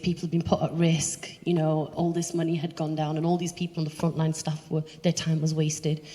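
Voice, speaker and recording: Woman, low voice, animated storyteller, live talk, reverberant hall. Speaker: charity chief executive giving a talk. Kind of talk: personal talk to an audience. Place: event hall, walking around away from the podium.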